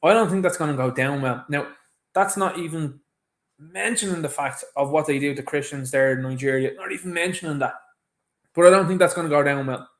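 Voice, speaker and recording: A man's voice: fairly high pitch, a little fast. An Irish man hosting his own show, giving an emphatic, indignant opinion commentary on a clip. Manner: emphatic, indignant, mimics others mockingly. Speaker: show host.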